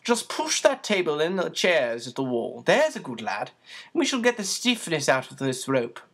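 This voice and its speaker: A reader doing a sardonic gentleman magician for an audiobook. He speaks with crisp, precise authority and a dry edge, his lines lifted above the narration. The pitch is middling and the manner formal. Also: huge pitch swings, moderate pace, heavily acted. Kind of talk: audiobook character voice.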